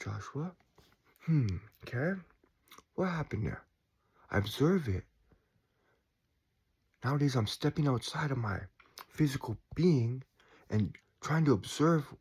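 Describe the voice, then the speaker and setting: A man in his forties talking in a calm, reflective way about staying chill, with sighs and quiet asides. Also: mid-range voice, slightly rough. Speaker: spiritual vlogger. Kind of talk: casual reflective monologue.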